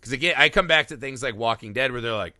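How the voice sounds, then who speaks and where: A man co-hosting a film podcast, talking in a casual, animated way and laughing as he acts out lines from the movie. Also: medium pitch, quick pace, dry recording. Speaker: podcast co-host.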